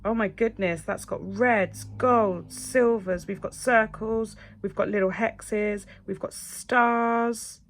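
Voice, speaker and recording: A middle-aged woman, chatting casually as a nail technician. She gushes and gets excited, and sometimes drops to a breathy whisper. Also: medium pitch, slow pace, few pauses. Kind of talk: casual unboxing chat.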